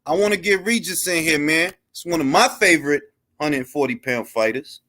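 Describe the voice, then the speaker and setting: Guy hosting a boxing talk stream, high voice, joking around slangy and loose. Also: normal speed, pushed and bright. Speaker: boxing talk show host. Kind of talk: casual live-stream chat.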